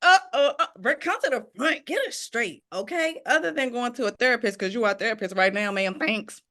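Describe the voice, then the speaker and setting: A woman's voice: on the high side, lively intonation, brisk, pushed and bright. A woman host chatting playfully over a video call, hyping up her audience and reading out their questions. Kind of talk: casual chat.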